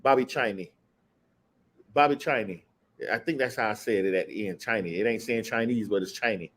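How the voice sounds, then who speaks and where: A man leading a casual scripture study, talking loosely and reading Bible verses slowly and deliberately. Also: fairly low pitch. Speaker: Bible teacher.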